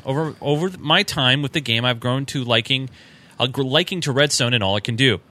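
Male podcast co-host, bright tone, loose chatty delivery reading fan mail. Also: fairly high pitch. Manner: reads emails aloud with fillers and chuckles. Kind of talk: casual podcast chat.

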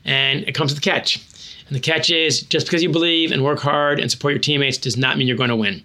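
A man, an author and former hockey coach, answering interview questions with animated, self-deprecating anecdotes. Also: mid-range voice, a little fast.

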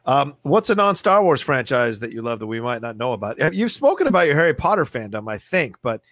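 A man hosting a podcast in casual chat, telling stories in an animated, expressive way. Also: mid-range voice, brisk. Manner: animated storyteller, lively and expressive. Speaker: podcast host.

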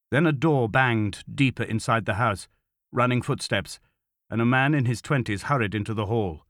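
A male narrator reads a thriller novel in a steady, measured voice that sits on the low side. The sound is close and dry, with no room echo. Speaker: audiobook narrator. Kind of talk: scripted narration.

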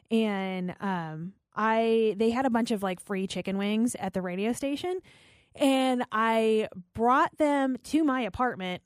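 A woman's voice: medium pitch, no echo, studio quality. A woman in her forties who works as a radio host, answering an interview question in a candid, rambling, self-deprecating way.

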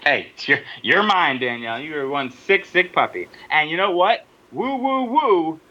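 A man co-hosting a podcast in casual, joking chat, quick to laugh. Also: a little high, animated, pushed and bright. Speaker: podcast co-host. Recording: dull lo-fi audio.

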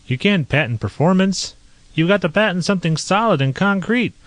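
A man voicing a blunt, self-assured male inventor who talks in a brisk, lecturing way, his voice a bit raised above his narration. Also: sits high, lively intonation, dry recording, voice pushed up. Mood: confident. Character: blunt middle-aged male inventor, sure of himself.

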